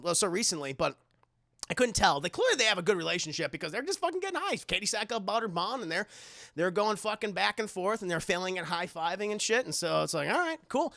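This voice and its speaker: A streamer recaps a movie for chat in a loose, rambling way, swearing freely and laughing along. The voice has a gravelly fry under a bright, forward tone. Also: mid-range voice, no room sound, clean studio sound. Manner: rambling, profane, laughing often.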